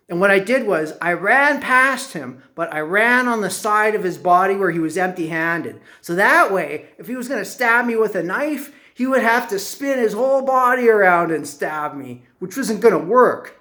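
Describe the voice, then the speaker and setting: A man telling a personal story as a motivational speaker, slow and deliberate, drawing lessons from it. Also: high voice, animated, pushed and bright.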